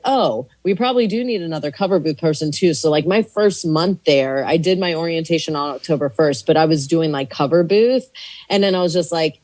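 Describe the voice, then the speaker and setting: A woman's voice: deep voice, darkish tone. A woman comedian telling a story on a podcast in a casual, rambling way, swearing freely and acting out quoted lines. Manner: rambling, chatty with many "like" fillers. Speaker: comedian and actor, podcast guest.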